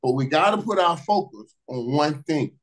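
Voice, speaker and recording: A man from Miami tells stories as a guest with lively energy. He doubles back on his words and keeps things loose and conversational. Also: on the high side, moderate pace, poor audio. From Miami, USA. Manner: lively, repeats words, bursts of laughter. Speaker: guest, former pro football receiver. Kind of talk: animated storytelling in casual conversation.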